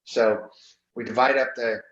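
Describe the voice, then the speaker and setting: Man, guest author, telling stories all animated, kinda echoey and muffled. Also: medium pitch, measured pace, recorded from a distance. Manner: animated, acts out quoted people. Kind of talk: storytelling in casual conversation. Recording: roomy, dull lo-fi audio.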